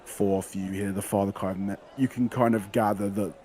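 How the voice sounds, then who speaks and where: Low-voiced male game master. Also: fairly even intonation, moderate pace, warm tone, a little hiss or hum. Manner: descriptive, with restarts and fillers. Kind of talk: narrating a tabletop game.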